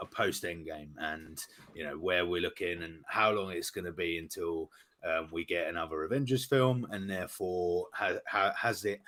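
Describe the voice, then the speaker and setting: A man's voice: low-pitched, a bit bright. A man with a British accent, a guest co-host of a podcast, chatting casually with a jokey manner and lots of fillers. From United Kingdom. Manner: jokey, laughing, rambling with fillers.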